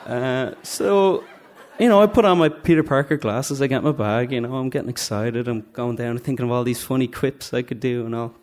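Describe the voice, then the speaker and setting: A man's voice: mid-range voice, a little fast, few pauses, darkish tone. A man from Dublin with a Dublin Irish accent, telling a funny, self-mocking story live onstage and acting out the voices. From Dublin, Ireland. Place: stage at a live story night.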